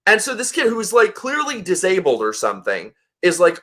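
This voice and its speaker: A man hosting a casual live chat, bright and fairly high-voiced. He tells stories in an animated way and swears freely. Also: fairly quick. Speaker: host.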